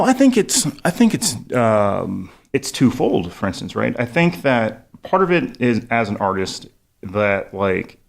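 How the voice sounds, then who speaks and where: Gravelly young man, rambling chat. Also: medium pitch. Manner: rambling, heavy "like" fillers, laughs often. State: cough drop in mouth. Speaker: musician guest. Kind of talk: casual radio interview. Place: college radio studio. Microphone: studio microphone, close.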